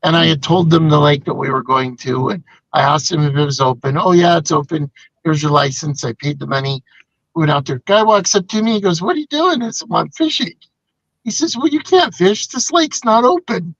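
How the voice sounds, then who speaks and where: A man's voice: fairly high pitch, fairly quick, creaky, a bit bright, dry recording, muffled recording. An older man co-hosting a casual live show, rambling through stories and reading out viewer comments. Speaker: co-host. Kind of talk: casual live-stream chat.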